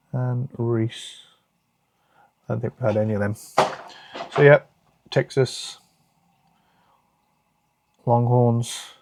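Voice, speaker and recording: A British man from the United Kingdom, speaking with a British English accent, hosts a casual card-opening video for his card collecting channel, chatting and muttering asides to himself. His mid-range voice has a darkish tone, with no echo.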